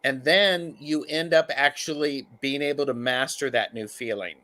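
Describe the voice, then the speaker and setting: A man reading tarot cards in casual conversation, halting and searching for words with many fillers and restarts. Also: medium pitch, sharp tone. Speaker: tarot reader. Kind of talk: casual chat and card reading.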